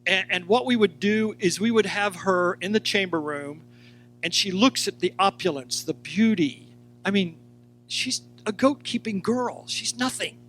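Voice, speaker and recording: A man teaching a sermon, animated, acting out quoted lines and speaking straight to his listeners. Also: sits high, measured pace, slight background noise. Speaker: Bible teacher.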